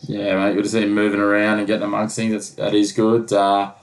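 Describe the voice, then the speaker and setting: A man's voice: on the low side, completely flat delivery, brisk, rough recording. A man co-hosting a casual sports podcast, rambling with lots of fillers. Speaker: podcast co-host.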